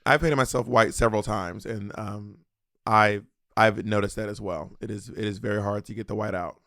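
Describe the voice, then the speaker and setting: A man's voice: fairly low pitch, fairly even intonation, moderate pace, bright, forceful tone, dry recording, clean studio sound. A man co-hosting a podcast, chatting casually in a theatrical way and tripping over repeated words. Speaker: podcast co-host. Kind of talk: casual chat.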